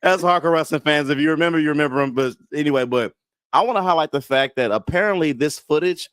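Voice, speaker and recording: A man talking wrestling in a casual, animated and joking way, as co-host of a watch-along. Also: fairly high pitch, fast, smooth, dry recording.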